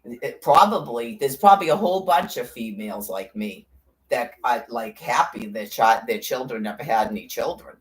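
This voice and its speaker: A woman's voice: extremely low pitch, expressive, normal speed. A middle-aged woman in casual chat, rambling, blunt and profane, with sarcastic asides. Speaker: podcast host.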